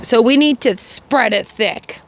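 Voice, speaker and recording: Unhurried and a little high, a middle-aged woman's voice carries a casual gratitude vlog filmed in her yard. She's earnest and upbeat, leaning on repeated phrases for emphasis.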